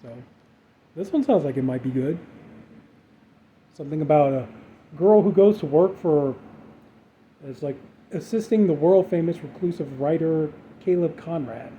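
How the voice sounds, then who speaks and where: This horror collector's voice is a little high, and he talks at normal speed but with long pauses. He casually unboxes his movie haul, rambling comfortably with lots of fillers. The recording is lo-fi and dull, with faint noise behind it.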